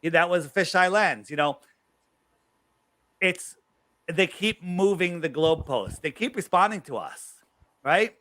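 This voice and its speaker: A man guest tells a story with force and bright energy, tossing in quick asides. He acts out what other people told him, and his voice sits a little on the high side for a man. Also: animated. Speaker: guest researcher. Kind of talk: animated storytelling interview.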